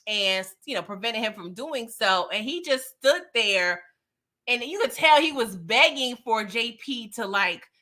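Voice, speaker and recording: A high-pitched woman recapping a TV episode for her channel, slangy and playful, laughing often. Her voice is bright and sharp, and her delivery is animated. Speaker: YouTuber recapping a TV show. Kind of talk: casual recap vlog.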